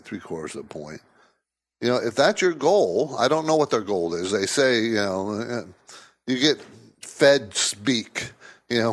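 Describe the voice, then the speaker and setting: A man hosting a call-in finance talk show, speaking emphatically and conversationally, often repeating himself for stress. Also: on the low side. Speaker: radio show host.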